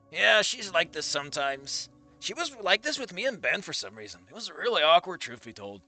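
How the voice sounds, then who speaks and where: A man reading a fan story aloud and breaking off into animated, profane, mock-outraged commentary. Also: high-pitched, moderate pace, faint music behind. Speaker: story reader.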